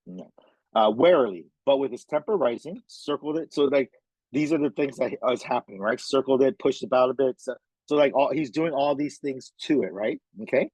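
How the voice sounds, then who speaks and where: A man's voice: medium pitch, animated, fairly quick, darkish tone, breathy edge, no echo, poor audio. A man tutoring a reading lesson in a casual way, constantly checking in with "okay?" and "right?" as he walks through a passage. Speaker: test prep tutor.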